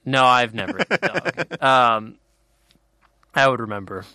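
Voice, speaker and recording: A man chatting on a podcast, dropping wry, deadpan jokes. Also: mid-range voice, moderate pace, dry recording, studio quality. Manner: wry, joking deadpan asides. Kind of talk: casual podcast chat.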